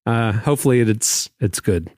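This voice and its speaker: A man's voice: fairly low pitch, normal speed, darkish tone, dry recording, clean studio sound. A man cohosting a podcast, chatting animatedly and laughing easily. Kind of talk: casual chat.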